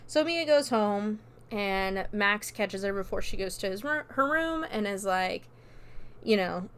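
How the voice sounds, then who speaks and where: A woman hosts her own podcast and talks through a horror film's plot in a relaxed, chatty way. Her voice is smooth and clear, and sits at a middle pitch. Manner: chatty, loose with fillers and quoted dialogue. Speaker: podcast host. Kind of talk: casual movie recap.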